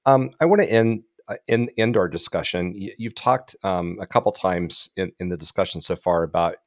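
A man's voice: low-pitched, moderate pace, no echo, clean studio sound. A man hosting a podcast interview, asking long questions with many restarts. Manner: hesitant, many restarts and fillers. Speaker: podcast host.

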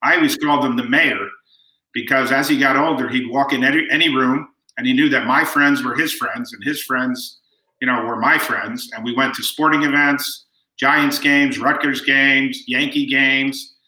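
Bright-voiced man telling stories in an echoey room. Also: mid-range voice, fairly even intonation, moderate pace. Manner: warm anecdotal storyteller, quotes people. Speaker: guest. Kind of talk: storytelling interview.

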